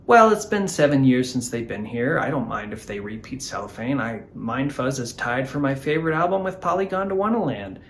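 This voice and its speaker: A man guest on a music review chat, talking in a rambling way with hesitant pauses. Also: medium pitch, very animated, a little hiss or hum. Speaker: guest fan.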